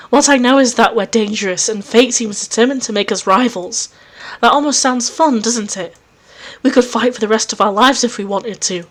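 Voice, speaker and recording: A woman doing a scheming alien girl, vengeful, low and measured, a bit high-voiced. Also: natural voice. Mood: earnest.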